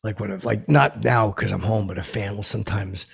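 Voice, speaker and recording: A deluded, washed-up comedian, played by a man, rambles through his own podcast from home. His voice is deeply gravelly, with a rough, husky rasp and plenty of fry. He talks in halting, self-important bursts, stalling on fillers and restarting his sentences. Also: fairly even intonation, heavily acted. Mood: rambling boastful. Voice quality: gravelly and raspy. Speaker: podcast host. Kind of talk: improvised comic character monologue.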